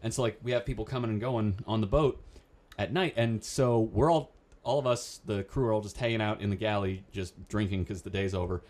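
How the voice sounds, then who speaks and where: A man hosting a casual podcast, talking in quick, profane banter. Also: on the low side, a little mellow. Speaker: podcast host. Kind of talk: casual chat.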